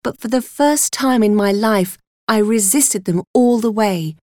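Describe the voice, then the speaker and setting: Slow, deliberate woman storyteller. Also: mid-range voice, mellow, dry recording, clean studio sound. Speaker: audiobook reader. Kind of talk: first-person storybook narration.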